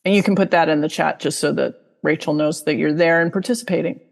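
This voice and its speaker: A woman's voice: deep voice, steady tone, quick pace, creaky, big-room sound. A woman giving a casual online talk as a guest expert, chatty and full of fillers, now and then acting out inner voices. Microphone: video call mic.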